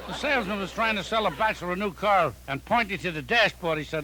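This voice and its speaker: An older male comedian rattling off one-liners in a punchy, deadpan joke-telling style. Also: high-pitched, a faint crowd, slight background noise, rough recording. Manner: punchy deadpan joke delivery with quick setups. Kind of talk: rapid-fire one-liner joke recording.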